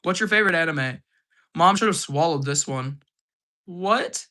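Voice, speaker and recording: This man's voice is a little high, expressive, bright and a bit hoarse. He's hyper on a laid-back live stream, laughing a lot while rapidly answering what viewers ask.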